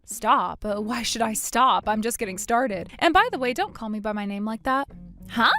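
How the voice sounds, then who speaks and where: A woman telling her own story in the first person, cold and cutting toward others, calm when narrating. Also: fairly high pitch, normal speed, faint music behind.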